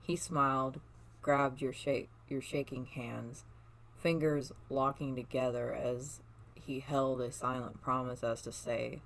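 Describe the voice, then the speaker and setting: Soft fan fiction reader, small slips. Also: medium pitch, flat delivery, takes it slowly, gravelly, low-quality recording. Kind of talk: reading a second-person fan story aloud.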